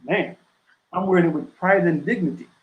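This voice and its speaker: A man's voice: high voice, a little fast, roomy sound, narrow, tinny audio. A man, an author and interview guest, talking in a casual podcast interview, making his points emphatically with rhetorical questions and a repeated "right?".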